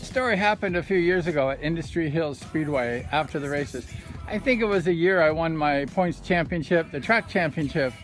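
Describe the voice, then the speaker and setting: A man with a high voice chats through his old racing stories, amused and easygoing. He talks outdoors by the ocean. Music plays clearly beneath his voice. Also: animated, normal speed. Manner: chatty, amused, self-deprecating storyteller. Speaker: former motorcycle racer telling stories. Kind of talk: casual storytelling vlog. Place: outdoors by the ocean at low tide with his dog. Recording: background music under the voice.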